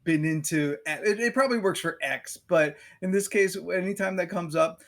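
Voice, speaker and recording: Podcast cohost, man, a bit high, dry and mocking. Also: normal speed, a bit bright. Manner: wry commentary with mocking quotes. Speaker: podcast co-host. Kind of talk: casual chat.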